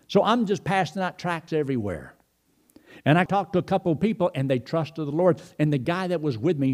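A man's voice: medium pitch, darkish tone. A middle-aged man preaching a sermon, telling folksy stories and retelling phone calls in quoted speech. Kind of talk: sermon with storytelling.

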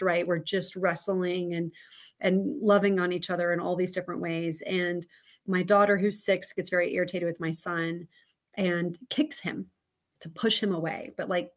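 Candid lower-voiced woman telling a story. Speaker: podcast guest. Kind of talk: casual interview conversation.

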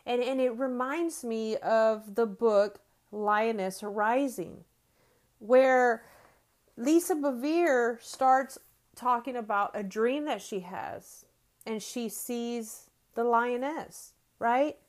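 Woman in her 50s chatting on her faith podcast, kinda high voice, keeps going "right?". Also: takes it slowly. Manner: conversational, frequent "right?" and restarts. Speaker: podcast host. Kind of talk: faith-based podcast teaching.

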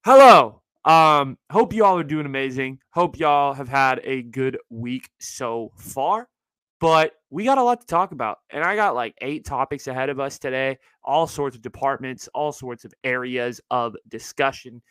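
A young adult man hosting his own podcast from his parents' house, chatting casually in an energetic, slangy way. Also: mid-range voice, moderate pace, clear, resonant tone, no room sound, poor audio. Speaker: podcast host. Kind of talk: casual chat.

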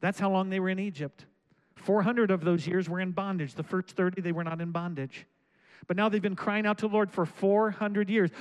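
Male pastor, high voice, reads scripture and then exhorts loudly. Sermon delivery. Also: fairly even intonation, fairly quick, clean tone, poor audio. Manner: preaching with rising, shouted exhortations.

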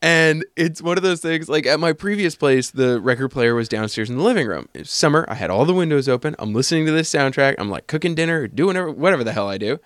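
A man's voice: a little high, animated, fast, few pauses, fairly bright tone, no echo, studio quality. A man co-hosting a podcast from a home attic, chatting casually, rambling off on tangents and laughing often. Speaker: podcast co-host. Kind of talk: casual chat.

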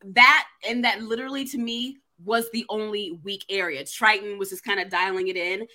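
Casual co-host, woman, bright and clear-toned, a lively storyteller. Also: medium pitch, moderate pace. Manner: lively storytelling with playful mock grievance. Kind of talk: casual chat.

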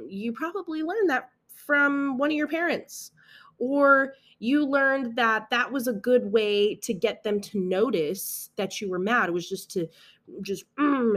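A young adult woman hosting a casual solo podcast, talking in an earnest, reassuring way with frequent restarts and asides. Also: medium pitch. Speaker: podcast host.

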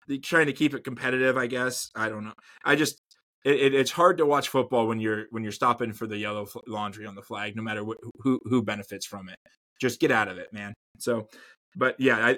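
A man's voice: mid-range voice, pushed and bright. Rambling male sports podcast co-host. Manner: rambling, repeats words, trails off. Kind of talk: casual sports chat.

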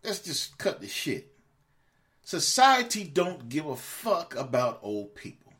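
A man on his podcast in a heated, profane rant. His voice sits a little high for a man and swings widely in pitch. He scolds the listener directly and stumbles over repeated words as his anger builds. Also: sing-song, takes it slowly, fairly bright tone. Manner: repeats words when worked up. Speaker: podcast host. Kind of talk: angry monologue rant.

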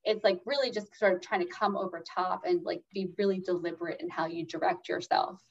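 Woman guest chatting about calming down, lots of likes and ums, kinda muffled lo-fi audio. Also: on the low side, fairly quick. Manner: chatty, many fillers, acts out inner voices. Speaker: guest expert on anxiety. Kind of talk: casual interview talk. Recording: slightly dull lo-fi sound.

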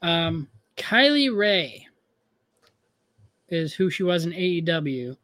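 A man with a high voice, chatting casually as a podcast co-host. He talks loosely and laughs a lot, and his voice comes over a remote call. The sound is dry and close, with no room. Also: slow, dry recording. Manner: relaxed, laughs often, trails off with fillers. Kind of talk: casual chat.

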